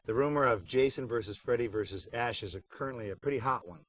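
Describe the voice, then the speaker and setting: A man's voice: medium pitch, fast talker, noisy background. A middle-aged man with a mid-range voice, chatting in a casual interview. He speaks with wry, dry humor and slips into playful joking as he tells stories about his work. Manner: wry, joking, puts on silly voices for anecdotes. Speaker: voice actor interviewed about a game. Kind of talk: casual behind-the-scenes interview.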